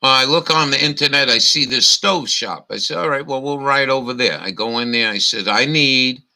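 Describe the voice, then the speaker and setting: A man's voice: mid-range voice, moderate pace, sharp tone. A man from telling a profane, ranting story as a vlogger. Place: camper.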